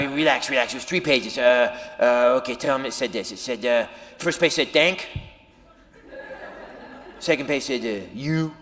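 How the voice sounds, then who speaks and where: A man doing stand-up storytelling on stage, animated, swinging between shouting and hushed impressions. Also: medium pitch, normal speed. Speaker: stand-up comedian. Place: stage in a theater. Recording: live venue with long reverb, faint ambience.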